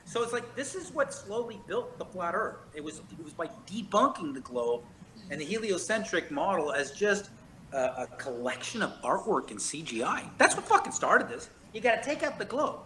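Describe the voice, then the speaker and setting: Guy going on and on, swears a lot, bright higher voice. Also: very animated, a little hiss or hum, low-quality recording. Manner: profane, emphatic, fast storytelling. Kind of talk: casual chat, rambling monologue.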